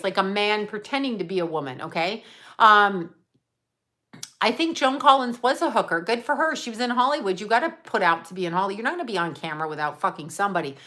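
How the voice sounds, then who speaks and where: A woman's voice: mid-range voice, bright, forceful tone. Blunt, profane woman venting on a live stream. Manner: blunt, profane, rambling with frequent laughs and asides. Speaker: psychic medium hosting a live stream. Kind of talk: rambling unscripted live vent. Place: home in Los Angeles area.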